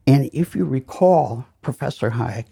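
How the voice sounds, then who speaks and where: A man's voice: mid-range voice, lively intonation, unhurried, creaky, dark tone, breathy edge. An older man giving a lecture, telling rambling, self-deprecating anecdotes full of fillers. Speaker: lecture speaker. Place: lecture hall.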